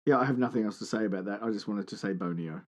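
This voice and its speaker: A man's voice: fairly low pitch, very fast. Joking Australian man co-hosting a podcast. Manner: joking, teasing. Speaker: podcast co-host. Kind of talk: casual banter.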